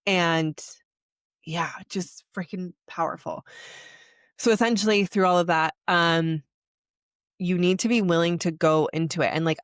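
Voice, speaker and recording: A woman's voice: lowish voice, no echo, clean studio sound. A young adult woman hosting a podcast, telling a personal story in a confessional way with many filler words. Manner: confessional, heavy use of "like" fillers. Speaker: podcast host.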